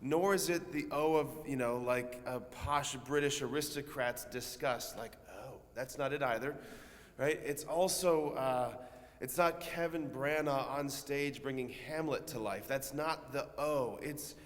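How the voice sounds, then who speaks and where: A man preaching a homily in a conversational way. He asks his listeners questions and now and then rises to loud, drawn-out emphasis. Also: medium pitch. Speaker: priest. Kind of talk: sermon. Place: church. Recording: long church reverb.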